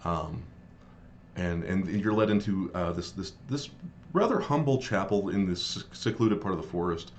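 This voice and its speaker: A man running a tabletop game as game master, narrating in a halting way as he searches for words. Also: deep voice, animated, slight background noise.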